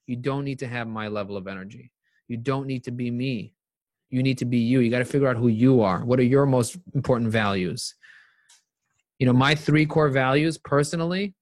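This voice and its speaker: A middle-aged man giving a live-streamed motivational talk, emphatic and animated, repeating phrases for emphasis as he answers viewer questions. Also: medium pitch, no echo, studio quality.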